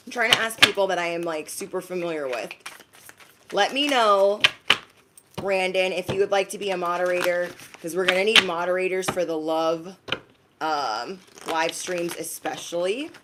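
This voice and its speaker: A woman's voice: on the low side, moderate pace, very noisy. A woman giving a live-streamed zodiac reading. She is chatty and slangy, talks straight to her viewers, and often acts out quoted voices. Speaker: intuitive card reader.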